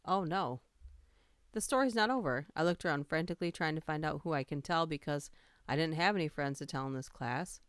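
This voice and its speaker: A woman's voice: low voice, fairly quick, clear, resonant tone, dry recording, clean studio sound. A woman hosting a casual livestream, reading funny stories aloud, laughing and greeting her chat.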